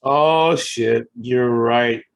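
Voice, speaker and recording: A man's voice: medium pitch, very slow, gravelly. Easygoing man chatting on a podcast. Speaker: podcast co-host. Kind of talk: casual wrestling podcast chat.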